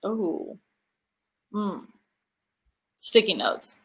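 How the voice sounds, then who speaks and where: A cheerful woman from California is a guest on a casual live stream. Her voice sits at a mid pitch. She laughs easily as she answers quick questions. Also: big pitch swings, bright, forceful tone, slightly rough.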